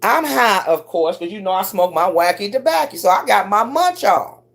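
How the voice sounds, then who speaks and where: Profane, animated middle-aged woman streamer. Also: moderate pace, gravelly. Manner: profane, animated storyteller who swoops up high for quoted voices. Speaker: live streamer. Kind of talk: casual livestream storytelling.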